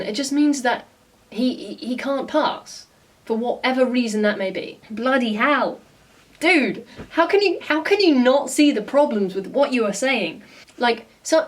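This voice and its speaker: A woman vlogger talking through a reaction video in a blunt, exasperated way, swearing freely. Her voice sits fairly high. She sounds set back a little from the microphone. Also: distant mic. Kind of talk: casual reaction commentary.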